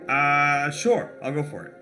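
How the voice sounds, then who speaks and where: A man playing a character in an online tabletop game, answering hesitantly and reacting with quick exclamations. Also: a little high, bright, forceful tone, faint music behind. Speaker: player. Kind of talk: tabletop game play on a call.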